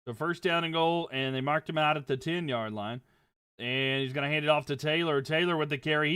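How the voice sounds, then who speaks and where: A young man giving casual play-by-play commentary on a livestream, getting louder on big plays and dropping low when he talks to viewers. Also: clean tone. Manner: rises and quickens on big plays, drops low chatting with viewers.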